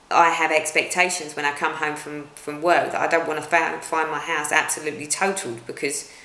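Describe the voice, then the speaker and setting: This cross-stitch vlogger is a middle-aged woman from the UK with a British accent, whose deep voice shows vocal fry and a sharp tone. She rambles through a casual home vlog chat, restarting often, with a roomy echo on the recording.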